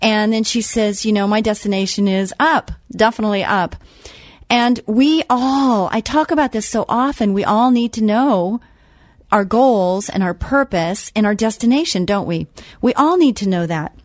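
A woman's voice: medium pitch, normal speed, no echo. Woman radio host chatting away, telling a story, dry studio mic. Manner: chatty storytelling with frequent restarts. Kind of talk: casual Christian radio talk.

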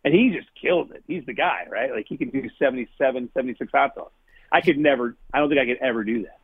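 Husky-voiced man on a phone line. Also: mid-range voice, fast talker, no room sound. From New Jersey. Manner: chatty, self-deprecating, laughs often. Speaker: food challenge TV host, guest. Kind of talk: casual interview chat. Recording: tinny phone-line call.

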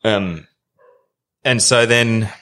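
Deep-voiced Australian man telling a story. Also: extremely slow. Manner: animated, colloquial, swears freely. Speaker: podcast guest. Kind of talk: casual storytelling.

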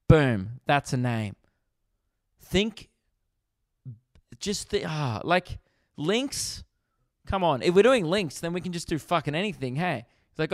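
Ranting Australian man with a smooth voice. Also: on the high side, measured pace, long pauses, no room sound, clean studio sound. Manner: animated, profane, exasperated ranting. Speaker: comedian podcast host. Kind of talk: comedic podcast monologue.

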